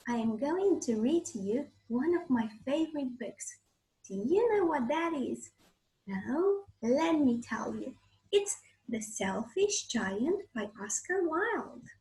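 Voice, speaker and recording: A woman teacher with a Romanian accent reads a children's storybook aloud, talking slowly and clearly to her pupils. Her voice is high, and the room around her is echoey. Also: a little mellow. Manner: slow, clear, addresses children. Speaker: English teacher.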